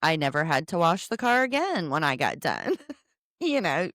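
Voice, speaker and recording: Relaxed woman co-host, a touch low-voiced, agreeable and giggly; dry, close recording. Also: moderate pace, no echo. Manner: easygoing, laughs often, agreeable. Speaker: podcast co-host. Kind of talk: casual recap chat.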